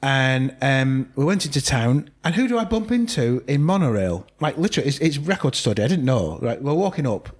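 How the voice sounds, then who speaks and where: A man's voice: mid-range voice, big pitch swings, brisk, few pauses. A man co-hosting a casual chat, telling anecdotes and acting out other people's quotes in raised voices. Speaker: podcast co-host. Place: indoor room with co-hosts.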